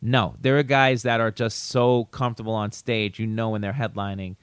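A male comedian trades stories on a podcast, his voice smooth and resonant. The recording is dry and close. He livens his tales by acting out other people's lines in a higher voice. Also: moderate pace, dry recording. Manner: animated storyteller who acts out quotes in a raised pitch. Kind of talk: casual chat, storytelling.

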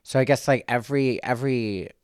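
Candid man, smooth dry voice. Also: mid-range voice, a little fast, no echo. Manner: candid, reflective, swears freely. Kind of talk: casual podcast chat.

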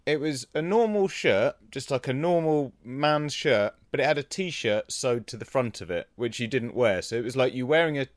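A man's voice: medium pitch, animated, moderate pace, few pauses, dry recording, clean studio sound. A man hosting a podcast in casual chat, laughing often and thinking aloud with small restarts. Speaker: podcast host.

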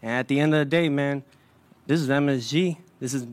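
A man's voice: mid-range voice, fairly quick. A young man speaking as a boxing champion at a press conference, brash and streetwise, trading trash talk.

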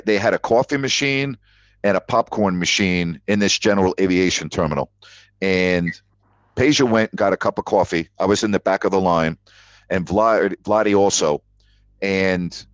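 A very deep-voiced man hosts a live call-in sports talk show, telling stories with emphatic repetition. The sound is dry and close, with dull lo-fi audio. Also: normal speed, long pauses, no echo. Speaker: sports radio host.

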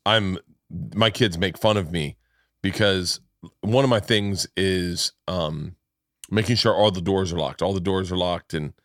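A man's voice: low-pitched, measured pace, fairly bright tone, no echo, clean studio sound. A middle-aged man hosting a podcast, telling stories with lots of stammering restarts and laughs. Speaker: podcast host. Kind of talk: casual podcast chat.

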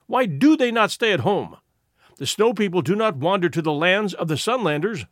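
Guy doing a sulky village dad, whiny and slow, bouncy pitch. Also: sing-song, fairly bright tone, no room sound, studio quality. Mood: aggrieved. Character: aggrieved petulant village father, man.

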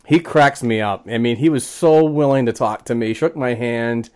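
A man's voice: medium pitch, moderate pace. A man hosting a hockey podcast, telling stories in casual chat with lots of fillers. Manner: animated storyteller, frequent fillers. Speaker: podcast host.

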